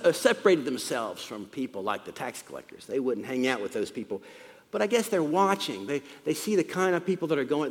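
A man preaching a sermon as pastor, in a conversational way that explains and repeats his points. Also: mid-range voice. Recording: long reverb in a hall.

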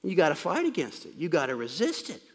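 A man's voice: on the high side, wildly swooping pitch, fast, big-room sound. A man preaching a sermon, explaining scripture in a plain, conversational way.

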